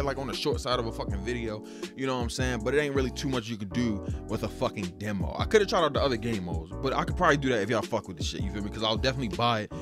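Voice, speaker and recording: A man giving casual, profane gameplay commentary and trash-talking the game's fighters as he plays. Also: mid-range voice. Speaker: gaming channel host. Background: game music.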